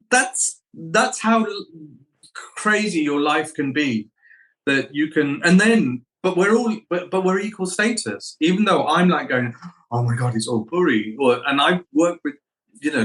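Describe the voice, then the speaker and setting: A man's voice: a little high, low-quality recording. Middle-aged male actor, interview guest, storyteller who acts out voices. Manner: animated anecdotes, acts out quoted voices.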